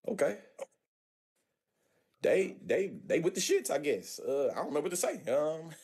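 A man's voice: on the high side, big pitch swings, measured pace, darkish tone, husky. An American man streaming a casual video chat, talking in loose slang with lots of stammered restarts, heard over a video call. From United States. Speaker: streamer chatting with strangers online.

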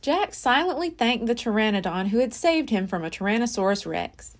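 A woman's voice: fairly high pitch, sing-song, normal speed. A woman library storyteller reading a children's chapter book aloud with expression. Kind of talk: children's read-aloud narration.

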